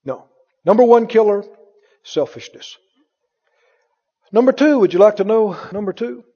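A man's voice: lively intonation, a little slow, dark tone, long reverb tail, dull audio. A man preaching a sermon with an emphatic, repetitive delivery, firing rhetorical questions at his congregation. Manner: mimics others in a higher voice.

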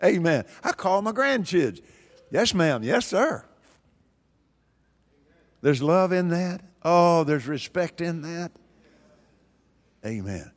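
A man's voice: fairly high pitch, animated, slow pace. An older man preaching a sermon in a folksy, emphatic way, repeating phrases for stress. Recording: long hall reverb.

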